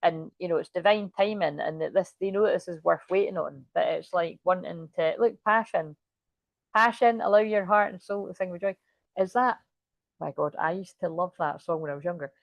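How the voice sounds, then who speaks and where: A woman's voice: lowish voice, brisk, vocal fry, no echo, highs cut off. A woman doing a casual, rambling tarot reading and swearing now and then. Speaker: tarot reader.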